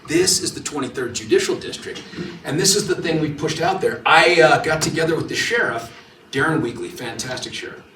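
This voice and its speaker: A man's voice: a little high, a little fast, background noise. A man giving a speech as district attorney to a political club, telling stories and acting out the quotes. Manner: animated storytelling, acting out quotes. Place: meeting hall. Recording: echoey room, mic at a distance.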